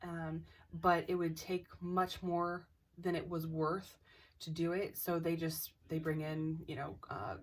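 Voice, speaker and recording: A woman's voice: on the low side, far from the mic. A young woman casually telling a ghost story, hesitant, with many restarts and dips into near-whispers.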